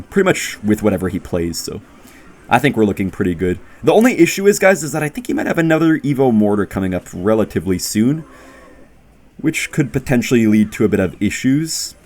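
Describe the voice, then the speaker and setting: A young man giving excitable, jokey live commentary on his own gameplay, talking straight to viewers and yelping when surprised. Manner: bursts into loud high-pitched exclamations when surprised. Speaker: gaming YouTuber.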